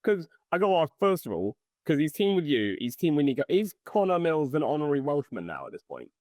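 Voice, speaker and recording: A man hosting a wrestling podcast who asks questions in a casual, enthusiastic way and reacts quickly. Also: fairly high pitch, big pitch swings, a little mellow, dry recording, studio quality. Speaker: podcast host, interviewer. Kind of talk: casual interview chat.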